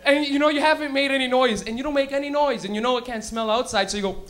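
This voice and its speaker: A man doing a stand-up set at a live comedy club. He is loud and profane and laughs at his own stories. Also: very high-pitched, fast, a little hiss or hum.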